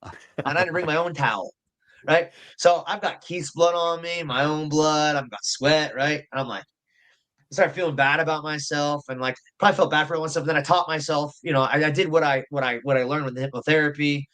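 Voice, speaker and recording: Rambling, cursing fighter, higher voice. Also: male voice, steady tone, fairly quick, a bit bright. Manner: rambling, profane, repeats himself. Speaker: guest, professional bare-knuckle fighter. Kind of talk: casual storytelling chat.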